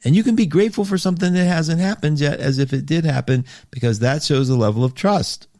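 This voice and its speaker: A man hosting a casual astrology livestream. He reads listener comments aloud and answers them, and his talk swings between loud, laughing outbursts and soft asides. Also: a little high, quick pace, dry recording, clean studio sound. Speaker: astrology show host.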